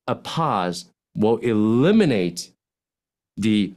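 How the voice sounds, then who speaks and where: A man, a physician, giving speaking advice as a podcast guest, animated and lively, swinging his voice up and down and acting out example lines in contrasting tones. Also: slow pace. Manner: animated, swings pitch widely to demonstrate points. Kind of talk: podcast interview, coaching talk.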